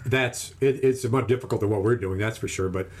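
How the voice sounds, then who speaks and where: Husky man telling a fishing story. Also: on the low side, a little fast. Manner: animated, acts out other people's lines in raised voices. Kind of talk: casual storytelling chat.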